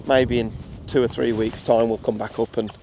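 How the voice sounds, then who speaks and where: A young wildlife photographer from England with a Midlands accent narrates a casual vlog while filming on a walk through a nature reserve. His medium-pitched voice stays level at a moderate pace, full of fillers and restarts. Background noise is audible.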